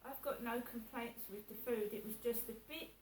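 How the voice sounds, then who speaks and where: A woman with a fairly high voice chats through a personal vlog, repeating herself and acting out what others said. She sits a little back from the mic in an echoey room, with faint ambience behind her. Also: steady tone, moderate pace, darkish tone, a little hiss or hum. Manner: chatty, repeats herself, acts out others' words. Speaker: vlogger.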